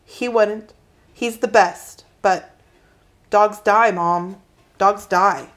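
A woman voicing a quiet, frightened sick boy with a hoarse voice. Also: mid-range voice, fairly even intonation, drawn-out words. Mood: fearful.

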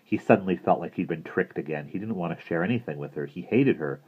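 A man reading a children's book aloud in a lively, expressive way, in a muffled lo-fi recording. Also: deep voice, fast talker, husky. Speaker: audiobook reader. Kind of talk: storybook narration.

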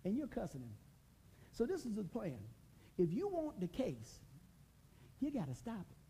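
A man preaching a sermon as pastor, folksy and animated, mixing humor and scripture with swings in volume. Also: sits high, moderate pace, breathy edge, low-quality recording.

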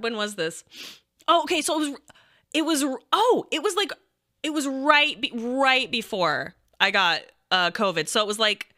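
A young woman telling a crude, self-mocking story to her viewers in a casual, animated way, often laughing. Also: high voice.

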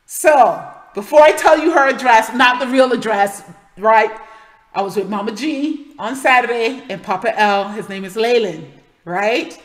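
A woman hosting her channel, retelling a personal testimony in an animated way, quickly correcting herself as she goes. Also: on the high side, in a large hall, low-quality recording. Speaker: channel host.

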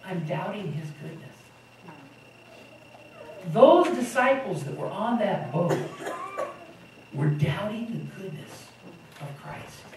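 Male pastor, lively joking sermon delivery, recorded from far off in an echoey hall. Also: sits high, slow, pauses often, noisy background. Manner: animated, joking storytelling. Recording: echoey room from far off with audience. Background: congregation.

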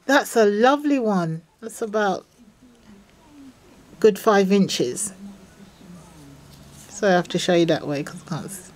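A woman showing off craft mail from friends, gushing and excitable, with gasps and breathy whispered exclamations. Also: medium pitch, a little slow, pauses often. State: unwell. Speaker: craft vlogger opening mail from viewers. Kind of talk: casual unboxing vlog.

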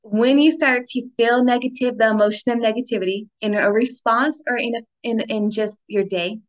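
A woman's voice: on the high side, steady tone, moderate pace. A woman hosting a spiritual healing talk, speaking casually and affectionately to her listeners, laughing often and squealing when retelling happy moments. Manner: affectionate sign-offs and encouraging asides. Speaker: spiritual healing podcast host.

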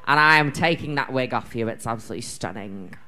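A man's voice: mid-range voice, expressive, fast, sharp tone. A man, a drag queen at a live viewing party, playful, airy and flirty.

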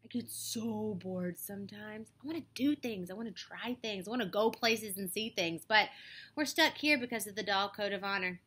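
A woman's voice: mid-range voice, lively intonation, brisk, bright, forceful tone. A woman voicing Annabelle, an eager doll girl. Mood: wistful. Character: young girl doll, curious and adventurous.

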